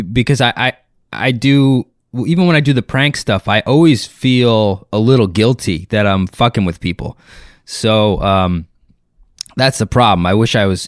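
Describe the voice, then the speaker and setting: A man's voice: lowish voice, no room sound, clean studio sound. A man, a comedian and impressionist, telling a rambling, profane, self-deprecating story in a casual way.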